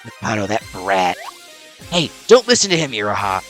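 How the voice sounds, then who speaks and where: Man voicing a blunt dead young man, earnest, bright voice. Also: fairly low pitch, very animated, normal speed, faint music behind.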